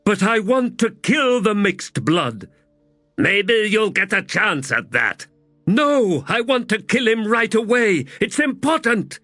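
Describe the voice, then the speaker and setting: A man putting on a booming female giant warrior from an audiobook, pitched well above his own voice and swinging widely in tone. She talks in blunt, clipped, broken phrases, loud and stentorian, over a dry, close sound with a faint music bed. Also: sing-song, slow pace, no echo, full character voice. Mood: eager.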